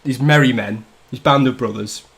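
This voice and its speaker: Medium-pitched and fairly bright, a man from the north of England talks at normal speed while hosting a casual drinking livestream. It's loose, sweary banter full of jokes and frequent laughs.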